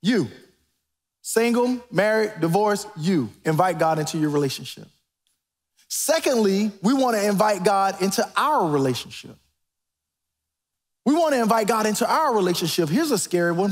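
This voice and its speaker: A man's voice: high-pitched, normal speed. Male pastor preaching, voice jumps all over, long echo in a big church. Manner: animated, preacherly, rising to near-shouts. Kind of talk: sermon. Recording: reverberant church sanctuary.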